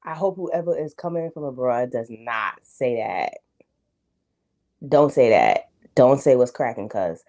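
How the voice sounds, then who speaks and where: Brief: middle-aged New York woman host, deep dark voice, slangy and emphatic. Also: expressive, unhurried. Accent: New York African American English. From United States. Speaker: reaction video host. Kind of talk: casual reaction commentary.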